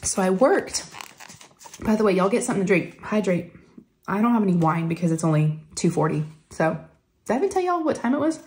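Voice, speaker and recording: A woman's voice: mid-range voice, expressive, a little fast, darkish tone. A middle-aged woman chatting casually to viewers from home, telling stories with lots of fillers and giggles. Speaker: crafting vlogger.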